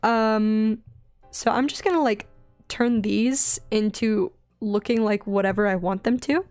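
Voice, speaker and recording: A young woman with a light Southern accent, chatting in a bubbly, rambling way while she draws on a stream, often giggling and getting excited. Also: mid-range voice, a little slow, no room sound, soft background music. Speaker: digital artist streaming her drawing. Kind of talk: casual chatty art stream.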